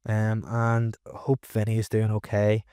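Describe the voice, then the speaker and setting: A man's voice: fairly low pitch, monotone, a little slow, warm tone, smooth, no echo. A Northern Irish man hosting a comedy podcast, teasing his guest in a dry, casual way. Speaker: podcast host.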